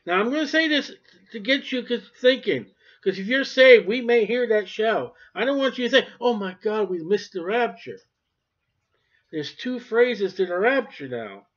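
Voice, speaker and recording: A high-pitched man preaches a sermon, hammering points loudly and then dropping to near-murmurs. The recording is dull and lo-fi, with the top end rolled off. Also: lively intonation, normal speed. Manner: emphatic, swings between loud and quiet.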